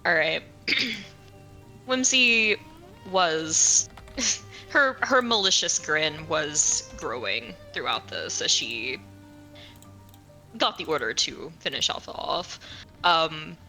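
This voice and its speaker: Woman player, lowish bright voice, slow delivery with laughs, faint music. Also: expressive. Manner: slow, laughing between words. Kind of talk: playing a character in a tabletop game.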